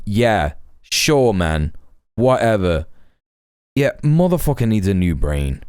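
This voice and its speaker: Young british guy ranting on stream, sweary and mocking, smooth clear voice, dead dry sound. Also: on the low side, very animated, takes it slowly, long pauses, darkish tone, no echo. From Britain. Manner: mocking, exasperated, swears a lot. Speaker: streamer reacting to a clip. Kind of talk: casual reaction stream.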